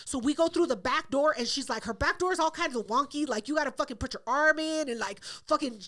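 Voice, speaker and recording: A woman with a notably high voice tells a story on a podcast in a loose, casual way. She swears constantly and stays animated. She jumps into the voices of the people she is describing. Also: fast. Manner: profane, animated storyteller who acts out quotes. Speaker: podcast co-host.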